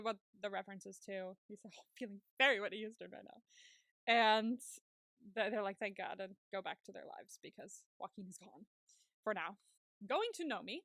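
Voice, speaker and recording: A woman co-hosting a podcast, retelling a TV episode in casual chat and putting on quick voices for the characters she quotes. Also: mid-range voice, a bit bright, no echo, clean studio sound. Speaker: podcast co-host.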